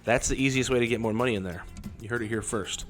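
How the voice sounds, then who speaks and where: A man's voice: mid-range voice, quick pace, fairly bright tone, soft background music. Wry rambling man calling poker hands. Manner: rambling, wry, self-deprecating. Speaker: poker vlogger. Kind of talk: casual poker hand commentary.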